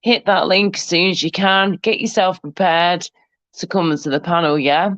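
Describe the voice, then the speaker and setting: A woman's voice: on the low side, fairly even intonation, moderate pace, fairly bright tone, no room sound, highs cut off. A woman co-hosting a livestream in casual chat, teasing guests and calling everyone darling and love. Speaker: livestream co-host.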